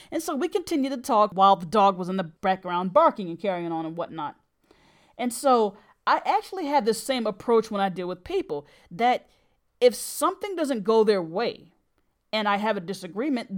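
A woman's voice: mid-range voice, very animated, moderate pace. A middle-aged woman hosting a podcast, telling a personal story in an earnest, emphatic way. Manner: earnest and emphatic, with brief laughs.

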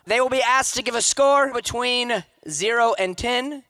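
A man's voice: very high-pitched, a little slow, bright, forceful tone, clear, resonant tone. A man hosting a live poetry slam on stage, hyping the crowd and reading out scores. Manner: hyping the crowd, call-and-response. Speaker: emcee of a youth poetry slam. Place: theater stage with audience. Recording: long reverb of a large venue.

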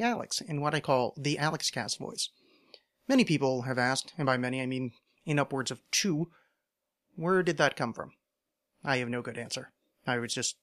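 A man from the United States hosts a solo podcast at an ordinary middle pitch. He rambles loosely from thought to thought, undercutting himself with dry, self-mocking asides. It sounds like someone chatting casually into a home microphone. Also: fairly bright tone. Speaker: podcast host.

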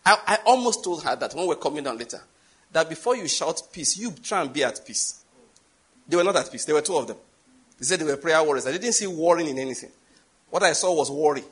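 This expressive preacher, who has a Nigerian accent, tells a story fast in his sermon, with a slightly rough voice. His stress is emphatic, spiking loud and high on the key words.

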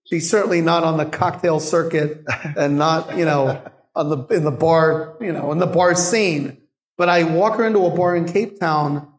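A middle-aged man, a guest bartender, telling animated stories in a live Q&A and laughing often. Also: a little high, normal speed. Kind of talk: live Q&A storytelling. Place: bar venue with audience. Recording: echoey live venue.

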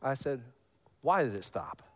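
A man in his thirties preaching a sermon, telling stories with animated highs and dropping to a hush for scripture lines. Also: a little slow. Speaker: pastor.

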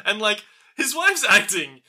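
A man's voice: high voice, sing-song, unhurried, pushed and bright, slightly rough. A man co-hosting a podcast, casually recapping a movie in a rambling, profane way. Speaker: podcast co-host.

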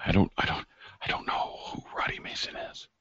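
A man's voice: a little fast, a bit bright, whispered, natural voice. A man voicing a slight, panicked male office worker who stammers in fear. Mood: terrified stammer. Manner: stammering, frightened. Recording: dull dry lo-fi recording.

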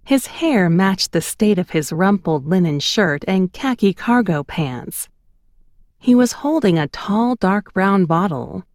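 A woman narrating her memoir in an expressive, storytelling cadence on a close studio mic. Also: medium pitch, slow, no echo.

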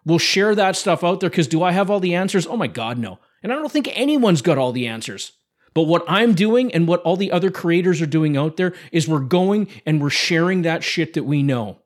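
A man's voice: on the high side, expressive, brisk. A man hosting a podcast, giving a blunt motivational pep talk full of swearing. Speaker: podcast host. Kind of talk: motivational monologue.

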